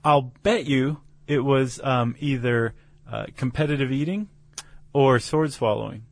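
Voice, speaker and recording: A man's voice: medium pitch, unhurried, no echo. A man co-hosting a podcast, explaining science in casual chat with fillers and restarts. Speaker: podcast co-host.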